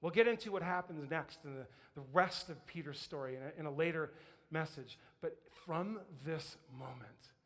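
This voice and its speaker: A high-voiced male pastor preaches and tells a story with lively energy. He acts out the voices of the people in the story and laughs often. His voice rings with the long reverb of a church hall. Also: normal speed. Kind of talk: sermon. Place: church sanctuary.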